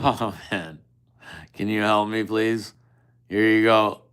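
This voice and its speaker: A man's voice: lowish voice, flat delivery, takes it slowly, fairly bright tone, clean tone. A man chatting casually with viewers on a live stream, teasing and swearing at them in an offhand way.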